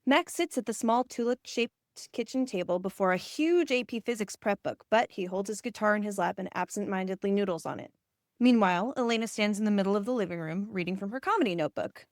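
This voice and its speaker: A woman reading a screenplay's stage directions aloud in an even, plain way. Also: mid-range voice, fast talker, no room sound, studio quality. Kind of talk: scripted narration.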